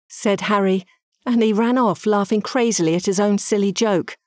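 A woman calmly reading a children's story aloud. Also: mid-range voice, normal speed, dry recording, studio quality.

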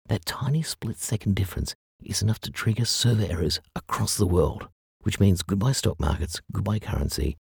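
A man's voice: deep voice, animated, moderate pace, vocal fry, a little mellow, slightly rough, no room sound, clean studio sound, voice pushed up, heavily acted. A man voicing an urgent young man who talks hurriedly and breathlessly, sometimes in a whisper.

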